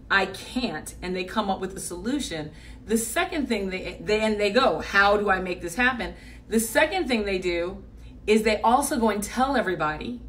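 A woman's voice: medium pitch, fairly bright tone, recorded from a distance, slight background noise. A middle-aged woman coach telling a personal story in a blunt, emphatic way, repeating her points for force. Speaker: business coach. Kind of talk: motivational storytelling.

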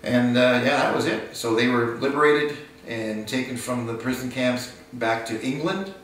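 A man in his sixties telling his late father's wartime story in an unhurried, halting way, often restarting his sentences. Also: mid-range voice, fairly bright tone. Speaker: son of a war veteran, interviewee. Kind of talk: personal recollection, storytelling. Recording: very roomy, distant mic, faint hiss.

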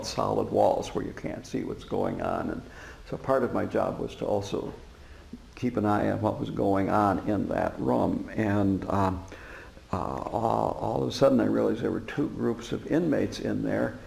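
A male Buddhist teacher gives a dharma talk, easing through his stories with fillers and soft chuckles. His voice is deeply gravelly, and its pitch rises and falls in a lively way. The room sound is roomy and reverberant, like a meditation hall. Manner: relaxed storytelling with frequent fillers and chuckles. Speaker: Buddhist teacher and former prison chaplain. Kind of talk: dharma talk to a live audience.

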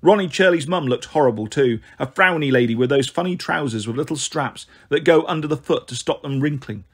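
A man reading a children's novel aloud as steady first-person narration. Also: on the high side, a little fast, slightly rough. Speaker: audiobook reader.

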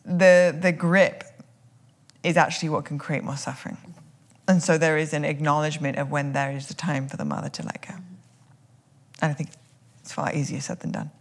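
Woman podcast co-host with hiccups, low gravelly voice, reflective and searching. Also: fairly even intonation, moderate pace. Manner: thoughtful, searching, restarts often. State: has hiccups. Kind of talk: casual reflective conversation.

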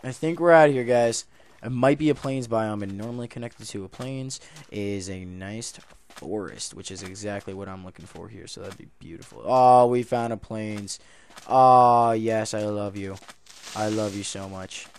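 A man's voice: medium pitch, measured pace, slight background noise. Chatty young man narrating his gameplay. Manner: chatty, jumps between muttering and loud excited outbursts. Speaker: gaming YouTuber. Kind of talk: casual game commentary.

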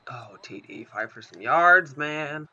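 Excitable young man narrating his game. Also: a little high, slow, lo-fi sound. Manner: excitable, swearing, talks to the screen. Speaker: gaming commentator. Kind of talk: live gameplay commentary.

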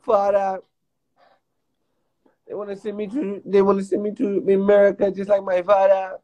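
A man's voice: high-pitched, monotone, normal speed, warm tone, highs cut off, pitched above the performer's own voice, lightly acted. A man putting on a mocking voice of a stern older father. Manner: mocking, exaggerated.

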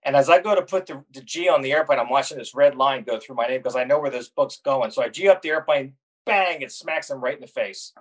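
Brief: middle-aged male guest spinning lively anecdotes, mid-pitched, dry and close. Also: fast, dry recording. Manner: animated storyteller, laughs at his own tales. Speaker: guest, corporate pilot. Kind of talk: casual storytelling chat.

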